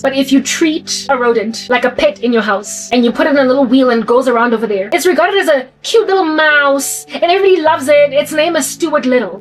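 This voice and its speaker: Woman, high-pitched, impassioned rhetorical monologue, soft music underneath. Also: rough recording. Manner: impassioned, rhetorical, repeats questions. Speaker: channel host. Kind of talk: monologue commentary.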